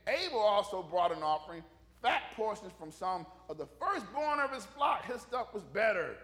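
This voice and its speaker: A man preaching a casual, humorous sermon, animated and conversational, joking with the congregation. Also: sits high, normal speed.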